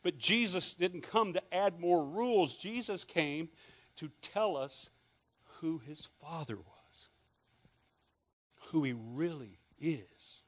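A middle-aged Scottish man preaches with a somewhat higher-pitched voice. He keeps it conversational, asking the congregation questions and adding joking asides. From Scotland. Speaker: pastor. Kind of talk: sermon.

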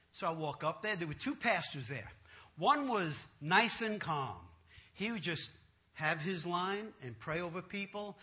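A man telling a comic personal testimony in an animated, self-mocking way, often laughing at himself. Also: a little high.

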